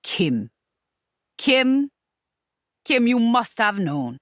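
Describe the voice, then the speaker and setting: A woman voicing a smooth, patronizing American man who keeps soothing his lover with pet names. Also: fairly high pitch, sing-song, very slow, no room sound, studio quality, heavily acted. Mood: defensive. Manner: soothing, condescending endearments.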